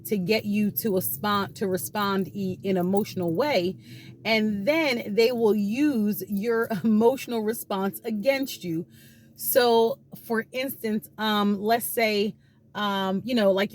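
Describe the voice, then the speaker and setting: A woman's voice: mid-range voice, darkish tone. A woman talking casually from her car about abuse tactics, rambling with many fillers and restarts. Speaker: channel host talking about healing from abuse. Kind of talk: casual explanatory talk. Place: in a parked car.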